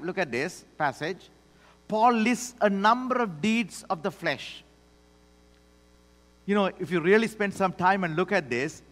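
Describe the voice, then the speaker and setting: A man preaching a sermon as pastor, swinging between loud declarations and hushed asides. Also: sits high. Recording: long hall reverb.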